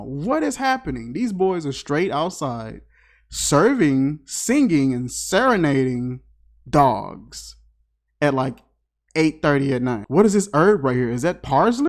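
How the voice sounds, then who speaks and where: A man's voice: fairly high pitch, big pitch swings, unhurried. A man giving a casual, comedic movie review, riffing with incredulous, slangy asides. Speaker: film reviewer.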